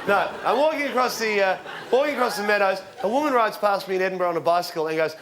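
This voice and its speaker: A man in his forties doing a stand-up routine on stage, telling rambling deadpan stories with fillers and shouting out the punchlines. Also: high-pitched, fast talker. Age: 40s. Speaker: stand-up comedian. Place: comedy stage before a live audience. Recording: loud crowd laughter and applause, background noise. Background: audience laughing and clapping.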